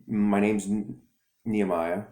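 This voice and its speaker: A man's voice: fairly low pitch, steady tone, noisy background. A man voicing a shy young boy who stutters and stumbles over his own name. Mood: anxious. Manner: halting stutter. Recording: echoey room.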